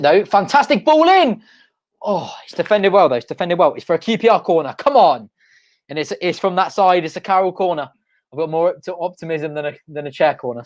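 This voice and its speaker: Football fan calling the match live. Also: medium pitch. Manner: casual running commentary, talking to viewers. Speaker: host of a fan channel. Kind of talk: live match watch-along commentary.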